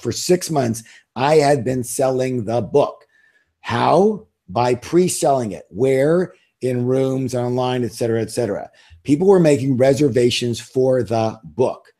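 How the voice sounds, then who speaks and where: A man's voice: mid-range voice, mellow, breathy edge. A middle-aged man telling stories as an interview guest in a casual, self-assured way, with emphatic repeats. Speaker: interview guest, author and seminar leader.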